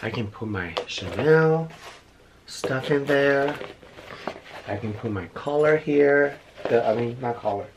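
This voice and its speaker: A man's voice: medium pitch, expressive, slow, background noise. A middle-aged man, chatting effusively while unboxing gifts, a little out of breath. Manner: gushing, effusive, repeats himself. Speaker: beauty vlogger. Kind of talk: casual unboxing chat.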